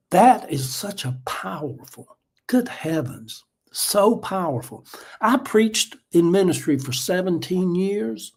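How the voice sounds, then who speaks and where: A man's voice: sits high, gravelly, darkish tone, slightly rough. An older man hosting a casual live chat, telling stories in a folksy, emotional way. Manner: folksy and emotional, addresses viewers as y'all. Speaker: livestream host.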